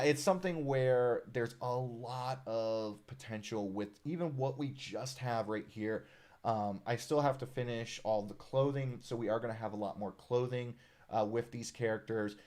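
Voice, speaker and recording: A man's voice: mid-range voice, moderate pace. Casual man chatting on a live stream. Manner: relaxed, friendly, many "uh"s, reads viewer comments aloud. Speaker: live stream host, designer of a character art project. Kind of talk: casual live stream chat reading comments.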